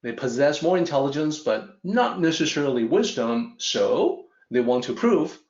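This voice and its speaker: A man teaching a lesson through a story in a measured, explanatory way. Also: fairly high pitch, big pitch swings, a little mellow. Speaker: Tao teacher. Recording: roomy, dull lo-fi audio.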